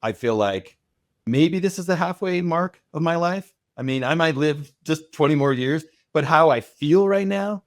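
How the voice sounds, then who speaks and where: A man's voice: fairly high pitch, expressive, moderate pace, no echo, studio quality. A man of fifty, a guest on a podcast interview, talking confidently and reassuringly about his own story. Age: 50s. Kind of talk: casual interview chat.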